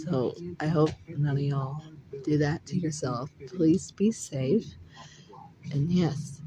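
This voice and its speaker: A woman's voice: low-pitched, slow, noisy background. A young woman telling a story to camera in a casual, emotional way, near tears and full of fillers, recorded on a phone. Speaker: vlogger.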